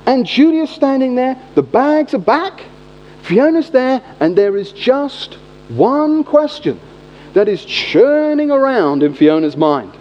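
A high-pitched British man in middle age preaches with a chatty, storytelling flow. His pitch leaps all over the place. The sound carries a long reverb and is dull and lo-fi. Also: takes it slowly. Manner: animated, chatty anecdote telling. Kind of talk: sermon storytelling.

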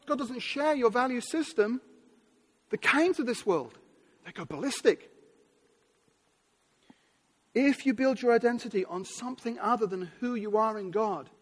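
A man preaching a sermon from England, emphatic and animated, with sudden drops and rises in his delivery, in a large church hall. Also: very high-pitched. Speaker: pastor. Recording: long hall reverb.

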